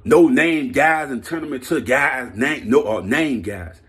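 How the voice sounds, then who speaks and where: A man vlogging a hyped, slangy football rant, laughing and repeating himself in his excitement. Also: mid-range voice, a little slow. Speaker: sports vlogger.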